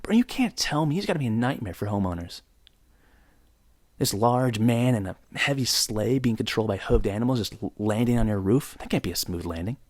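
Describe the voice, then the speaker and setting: A man's voice: fairly low pitch, lively intonation, fairly quick, a little mellow, no room sound. A young man hosting his own podcast in a joking, rambling rant, mock-outraged, close to the mic. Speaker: podcast host. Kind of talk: solo comedic podcast rant.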